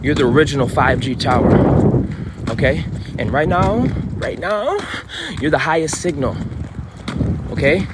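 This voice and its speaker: A man delivers a fierce, confrontational motivational sermon outdoors, cursing freely as he pushes his listeners. His voice sits a bit high for a man. Steady street noise runs clearly behind him. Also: a little slow, long pauses. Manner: intense, profane, confrontational. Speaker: spiritual vlogger. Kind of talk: preachy motivational monologue.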